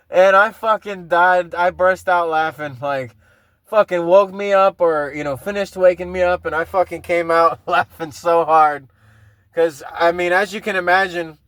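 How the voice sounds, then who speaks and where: High-voiced man rambling profanely. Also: moderate pace, fairly bright tone, no room sound. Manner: profane, rambling storytelling with frequent laughs. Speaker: podcast host. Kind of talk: casual solo podcast monologue.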